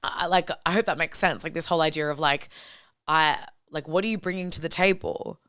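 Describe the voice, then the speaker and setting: A woman's voice: deep voice, brisk, a bit bright, smooth. A young woman comedian, a guest on a podcast, chatting casually, calling her friend babe and swearing freely.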